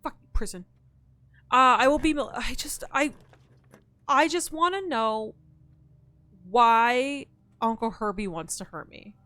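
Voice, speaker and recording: A woman's voice: fairly high pitch, lively intonation, slow pace, long pauses, bright, forceful tone, dry recording. A woman streaming a puzzle game, thinking aloud, talking back to her chat and to the game's characters, and swearing in frustration. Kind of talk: live-streamed gameplay chat.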